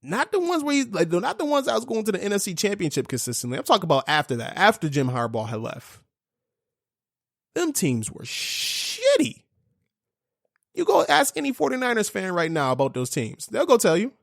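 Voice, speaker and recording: A man's voice: high voice, wildly swooping pitch, moderate pace, gravelly, dry recording, clean studio sound. A young man hosting a casual sports podcast, talking in a fired-up, profane rant full of fillers. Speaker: podcast host.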